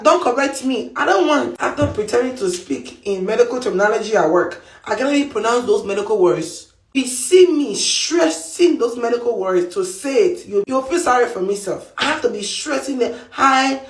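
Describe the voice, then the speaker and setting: A woman's voice: on the high side, expressive, normal speed, few pauses, echoey room. A woman from Africa telling a comic, self-mocking story to the camera. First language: an African language. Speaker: healthcare worker.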